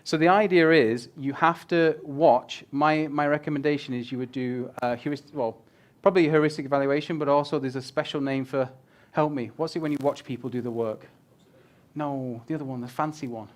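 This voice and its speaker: A man's voice: mid-range voice, fairly quick. A man giving a casual, joking presentation on user experience design to a live audience, swearing now and then. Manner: animated, swears casually, jokes with the crowd. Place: event room with a live audience.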